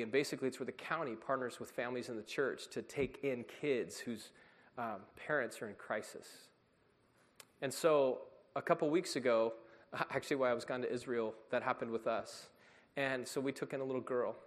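A pastor of middle pitch preaches earnestly and with emphasis, his words echoing through a church sanctuary where a long reverb follows each phrase.

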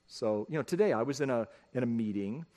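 A man's voice: mid-range voice, animated, fairly quick, mellow. A middle-aged man, a pastor, giving a conversational sermon, telling family stories and speaking straight to his congregation. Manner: folksy, storytelling, addresses the congregation directly. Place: church sanctuary.

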